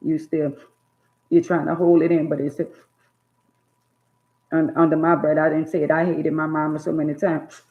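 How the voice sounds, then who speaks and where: A woman in casual chat about her childhood, talking in an animated way and acting out scolding parents in loud bursts. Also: deep voice, normal speed, long pauses. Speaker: storyteller recalling childhood. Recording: tinny phone-like sound.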